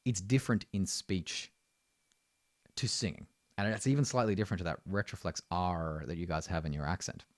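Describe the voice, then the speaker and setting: In a deep voice and at a fairly quick pace, a man gives a singing lesson, explaining vocal technique and often checking in with "right?" The recording is dry, with a clean studio sound.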